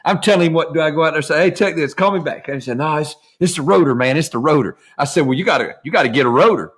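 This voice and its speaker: A man's voice: fairly high pitch, racing, breathy edge. A man hosting a casual chat, telling loose, profane stories and acting out phone calls. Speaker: host.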